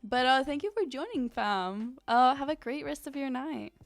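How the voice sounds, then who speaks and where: A woman's voice: high-pitched, animated, normal speed, no echo, faint music behind. A woman streamer chatting casually and reading chat aloud, giggling often and using lots of fillers. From Ukraine.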